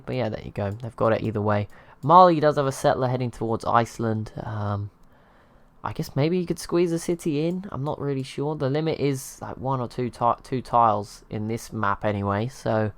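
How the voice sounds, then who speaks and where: A man with a smooth, mid-range voice hosts his gaming channel, chatting casually and wandering off topic as he plays a strategy game. He often makes fun of himself and chuckles at his own expense.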